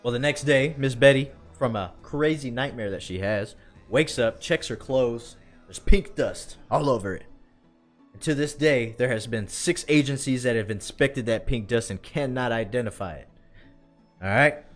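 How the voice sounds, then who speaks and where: A man, telling a story in a drawn-out country storytelling voice and often asking "all right?". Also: medium pitch, soft background music. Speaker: podcast co-host.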